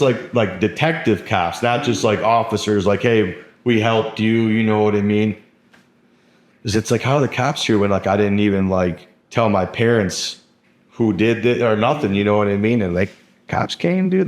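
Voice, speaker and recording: A young man with a fairly low voice tells his story casually, rambling along with constant fillers and a lot of swearing. The recording has a roomy, echoing sound around him. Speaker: guest telling his story. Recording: roomy echo.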